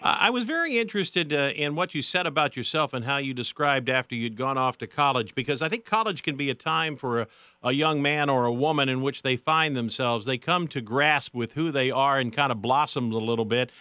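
A man hosting an interview, asking measured questions with frequent hesitations. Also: mid-range voice, sharp tone, clean tone, no echo. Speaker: radio interviewer host.

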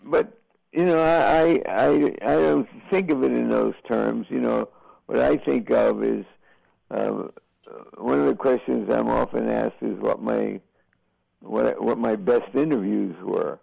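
An older man, a boxing broadcaster, answering interview questions in a slow, halting, reflective way with many fillers. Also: mid-range voice, creaky, dark tone, no echo, dull audio.

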